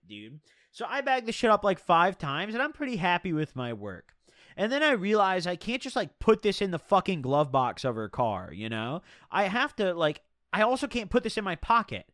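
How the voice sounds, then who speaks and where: Lively young guy telling a rambling story. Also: high-pitched, normal speed, no echo, clean studio sound. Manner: rambling, profane, slangy. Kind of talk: casual storytime vlog.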